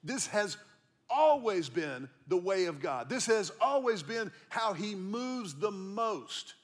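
A man's voice: sits high, very animated, slow pace. A middle-aged man, a pastor, preaching a sermon in a church in a conversational, storytelling way, repeating key lines for emphasis. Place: church auditorium.

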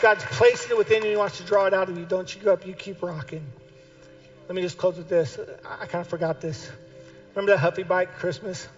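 A male pastor preaching a sermon with passion, repeating key phrases and building to shouted calls to keep going. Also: high-pitched, steady tone, a little fast, faint music behind. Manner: impassioned, builds to shouted exhortation. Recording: dull lo-fi recording.

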